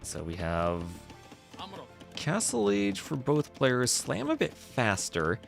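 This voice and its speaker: A man's voice: mid-range voice, wildly swooping pitch, slow, gravelly, over music. A man casting a strategy game on a live stream, calling the play and chatting with his viewers. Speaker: esports caster and stream host.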